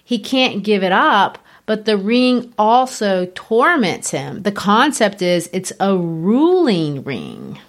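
A woman hosting a casual literary talk, explaining background in an animated, teacherly way. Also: mid-range voice, slow, hardly any pauses.

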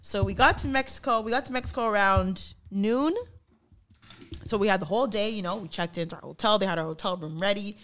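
Her medium-pitched voice is brisk and fairly bright. On a podcast she co-hosts, this young woman chats casually through a story, laughing often and imitating the people in it.

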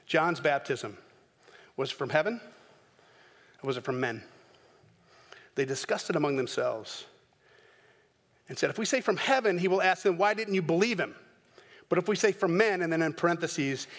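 A man preaching a sermon as pastor in a church sanctuary, animated, with dramatic bursts when he acts out scenes. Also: on the high side, big-room sound. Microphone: microphone.

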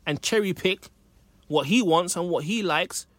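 A British man with a high-pitched, slightly cracked voice speaks a little slowly in a casual discussion, with no room sound. Thoughtful in manner, he builds his points through stories and examples.

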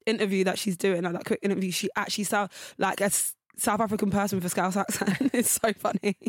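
A woman's voice: mid-range voice, steady tone, quick pace, no room sound, clean studio sound. A young woman co-hosting a casual podcast, rambling and laughing easily, swearing now and then. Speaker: podcast co-host. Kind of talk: casual chat.

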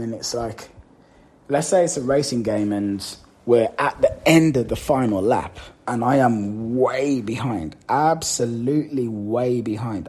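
A man's voice: mid-range voice, mellow, slightly rough. A man hosting a motivational podcast, talking straight to the listener and repeating words for emphasis. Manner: addresses the listener directly. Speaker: podcast host.

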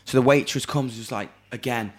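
A Northern English man spinning an anecdote in a loose, sweary, deadpan way. His voice sits at an ordinary middle pitch, and he keeps jumping into little acted-out lines of dialogue. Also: normal speed, a crowd in the background. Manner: dry, sweary, animated anecdote-telling with acted quotes. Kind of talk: casual storytelling chat.

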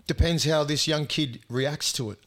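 An Australian man co-hosting a casual chat, relaxed and blunt, swearing as he gives his opinions. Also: on the high side, moderate pace. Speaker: podcast co-host. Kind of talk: casual chat and sports talk.

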